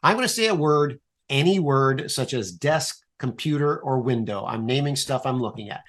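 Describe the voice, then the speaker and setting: A man guest on a podcast, explaining an improv exercise in a playful, animated way and swearing casually. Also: medium pitch, normal speed.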